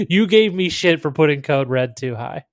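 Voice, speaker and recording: A man co-hosting a podcast, laughing often and ribbing his co-host. His voice sits a little high for a man. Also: lively intonation, moderate pace. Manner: laughs easily, teasing. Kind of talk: casual chat.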